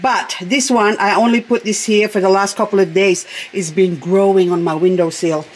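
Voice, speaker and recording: A woman's voice: medium pitch, steady tone, normal speed, a little mellow. A woman vlogger at home, talking casually and rambling, often laughing as she chats. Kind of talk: casual chatty vlog. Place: at home indoors.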